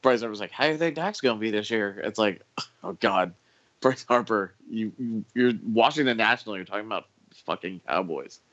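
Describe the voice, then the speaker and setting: Man, casual sports chat, easygoing and chuckling, lowish voice. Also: animated, a little fast, a bit bright, highs cut off. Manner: laid-back, chuckling, interjecting. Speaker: podcast co-host.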